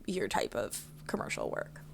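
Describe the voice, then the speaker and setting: A woman's voice: normal speed, a little hiss or hum. A woman from Connecticut co-hosting a podcast in casual chat. She rambles and trails off with fillers. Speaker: podcast co-host.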